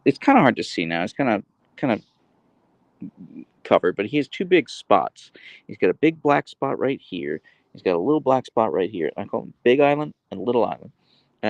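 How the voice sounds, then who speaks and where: Male streamer, casual and affectionate, lively sing-song pitch with a gravelly edge, dry close phone mic. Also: fairly quick, no echo, dull audio. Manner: baby-talk to his dog, reads chat aloud. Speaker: livestream host. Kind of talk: casual livestream chat with pet. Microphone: handheld phone camera.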